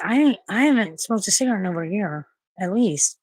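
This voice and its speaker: A woman's voice: medium pitch, animated, fairly quick, darkish tone, slightly rough, no echo. A woman chatting casually and rambling to her viewers from her bedroom, swearing freely and cooing at her pets. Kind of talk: casual livestream chat. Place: bedroom at home.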